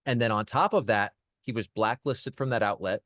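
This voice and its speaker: A man's voice: lowish voice, moderate pace, no echo, clean studio sound. Man telling a story on a podcast. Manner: animated anecdote teller, many restarts. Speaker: podcast guest, PR firm founder. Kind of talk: casual storytelling interview.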